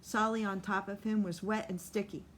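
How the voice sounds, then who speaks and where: A woman narrating a novel as an audiobook reader, with steady, measured storytelling. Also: medium pitch.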